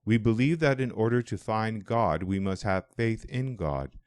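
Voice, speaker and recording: A man voicing an older hermit monk, devout and calm, who speaks in a booming but welcoming way in an audiobook. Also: unhurried, dry recording, studio quality. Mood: earnest. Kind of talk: audiobook dialogue.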